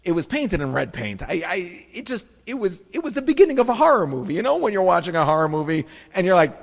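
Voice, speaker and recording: A man, a rabbi, telling a comic story to an audience in an animated way, with quick restarts and acted-out asides. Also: sits high, creaky. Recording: echoey hall.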